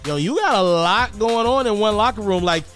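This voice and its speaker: A man provides casual, animated basketball commentary at a normal pace, with soft music in the background. He frequently repeats words and jumps up in pitch to emphasize points.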